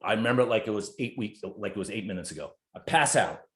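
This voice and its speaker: A man in his fifties from New Jersey, a podcast guest telling stories in an animated way, swearing freely and acting out his own inner voice. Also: lowish voice, fast talker. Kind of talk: conversational storytelling. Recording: roomy echo.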